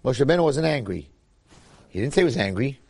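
A man's voice: mid-range voice, fast talker, creaky, husky. A man giving an informal Torah class, repeating his points and acting out the quotes he tells. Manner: animated, acts out quotes, repeats phrases. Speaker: Torah teacher.

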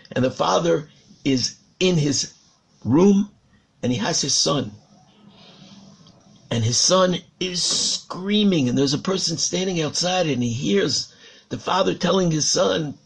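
A man's voice: fairly high pitch, lively intonation, normal speed, gravelly, slightly rough. A man, a rabbi, giving a Torah sermon, telling a parable dramatically and repeating words for emphasis.

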